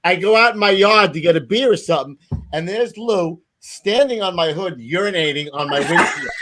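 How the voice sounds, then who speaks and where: A man hosting a podcast, telling a party story in lively casual chat, often laughing. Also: high-pitched, normal speed. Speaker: podcast host, retired firefighter. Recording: noisy podcast audio.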